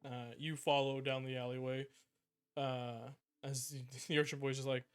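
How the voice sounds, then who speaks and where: A man's voice: mid-range voice, level tone, normal speed, smooth. A man narrating a tabletop game as game master, casual and sweary, with music behind. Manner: casual, swearing, laughs often.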